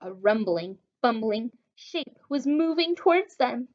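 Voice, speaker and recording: A woman reading a children's story aloud slowly and expressively for young listeners, on a dull lo-fi home recording. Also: on the high side, animated.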